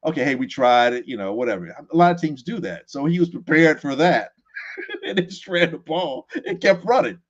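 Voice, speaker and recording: A man guesting on a sports talk show, animated and quick to laugh, often restarting his sentences. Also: a little high, muffled recording.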